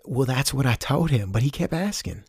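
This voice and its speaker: A young female store cashier with a thick Southern US drawl, as a male storyteller puts her on, overly sweet on the surface and quick to turn curt. She speaks in a plain, middle-pitched register. The sound is close and dry. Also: big pitch swings, vocal fry, breathy edge, no echo, full character voice. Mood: gossipy. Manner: overly cheery, then curt. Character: cheery young female cashier turning snippy.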